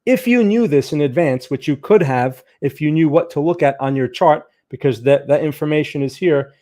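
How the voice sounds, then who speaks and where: A man with a somewhat high voice walks viewers through market charts on a live stream. He talks in a loose, conversational way and keeps checking in with his audience. He stresses the points he wants them to see on the charts. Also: moderate pace, mellow. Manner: emphatic, urging viewers to look at charts.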